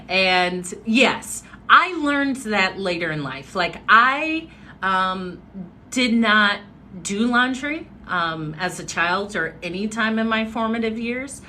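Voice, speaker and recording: A woman hosting a livestream, telling a story casually with dramatic swings between loud and hushed. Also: mid-range voice, expressive, takes it slowly, a little hiss or hum. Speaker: social media host.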